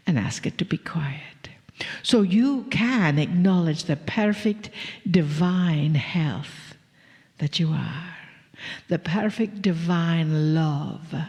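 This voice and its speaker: A woman channeling a spiritual message to a live audience, slow and breathy, slipping into whispers. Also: deep voice, long reverb tail. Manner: slow and breathy, drifting into whispers with soft laughs.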